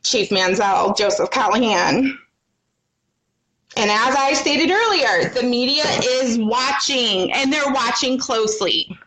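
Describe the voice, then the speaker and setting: A woman's voice: a little high, animated, takes it slowly, a loud crowd. A woman talking into her phone on a livestream, agitated and defiant, swearing as she tells her own story. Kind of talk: emotional livestream monologue.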